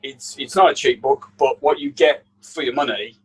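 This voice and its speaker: Husky Birmingham man telling stories. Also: mid-range voice, moderate pace, poor audio. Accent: Birmingham English. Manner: animated anecdote teller, acts out quotes. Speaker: chef guest. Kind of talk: casual storytelling.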